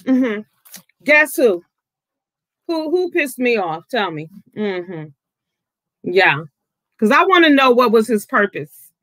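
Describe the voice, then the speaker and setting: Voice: medium pitch, big pitch swings, takes it slowly, pauses often, sharp tone, dry recording. A vlogger giving outspoken, casual commentary, swearing freely, with the voice jumping up when riled.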